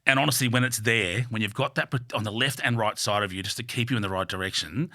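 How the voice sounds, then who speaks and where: An Australian man telling candid stories as a podcast guest, blunt and animated, swearing freely and reaching for vivid metaphors. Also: on the low side, quick pace, no room sound, studio quality. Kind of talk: candid storytelling in a podcast interview. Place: studio.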